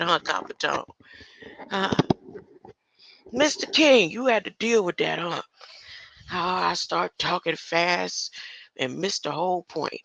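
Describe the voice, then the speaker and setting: A woman's voice: lowish voice, vocal fry, fairly bright tone, no room sound. An older woman in a casual livestream rant, confrontational and tossing in rhetorical questions as she goes. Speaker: online commentator.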